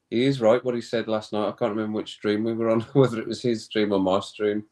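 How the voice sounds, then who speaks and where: A man hosts a casual stream, chatting to his viewers. His voice sits a little low. He reads comments aloud and laughs easily. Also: fairly even intonation, brisk, a little mellow. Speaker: live stream host. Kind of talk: casual watch-along chat.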